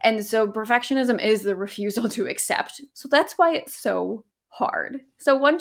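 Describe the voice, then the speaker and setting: A woman coach talks through ideas in a relaxed, reflective way, her mid-range voice dotted with fillers and easy laughter. She sounds like she is chatting, not lecturing. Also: medium pitch. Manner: warm, reflective, laughs easily, many fillers. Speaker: guest coach. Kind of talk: casual conversational interview.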